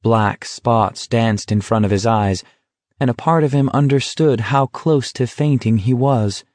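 Brief: male audiobook narrator, unhurried, dry close sound. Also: mid-range voice, darkish tone, no echo. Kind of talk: scripted narration.

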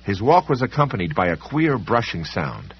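A husky male audiobook narrator with a lowish voice tells a scripted story at normal speed, his pitch swooping wildly in a dramatic, varied delivery. The recording is dull and lo-fi.

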